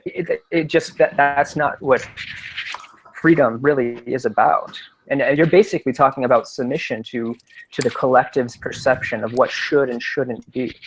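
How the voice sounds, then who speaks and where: A man's voice: mid-range voice, gravelly, slight background noise, low-quality recording. A man in casual chat, talking earnestly and philosophically. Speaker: guest.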